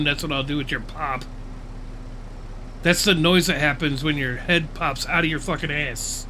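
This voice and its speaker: A man's voice: a little high, steady tone, normal speed, pushed and bright, a little hiss or hum. A middle-aged American man hosting a livestream, ranting and swearing at his chat in casual, laughing banter. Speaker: livestream host.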